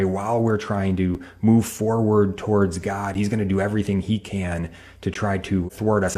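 A male interview host who speaks in a measured, explanatory way to his viewers. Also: lowish voice, dark tone. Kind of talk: interview hosting.

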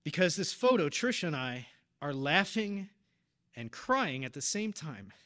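A man's voice: on the high side, big pitch swings, measured pace, fairly bright tone. A man in his thirties preaching, telling a personal story in an earnest, emotional way. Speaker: deacon or preacher at a parish. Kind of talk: personal testimony in a sermon.

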